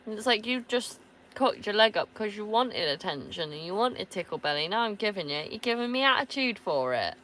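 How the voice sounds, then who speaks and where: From inside a camper van, a woman van-life vlogger chats casually while answering her viewers, laughing often and swearing offhandedly. Her mid-range voice is fairly quick and fairly bright with lively intonation, and there's a little hiss or hum.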